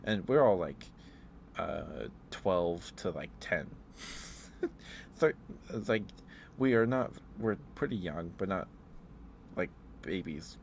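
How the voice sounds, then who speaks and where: Man, very low voice, soft-spoken ASMR ramble, meandering, chuckling, faint ambience behind. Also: a little hiss or hum. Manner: meandering, chuckling storyteller with fillers. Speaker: ASMR streamer.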